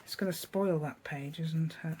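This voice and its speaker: A woman's voice: low-pitched, normal speed, warm tone, slight background noise, poor audio. A middle-aged woman with an East Midlands English accent, chatting casually through a craft tutorial at her table, rambling and asking tag questions.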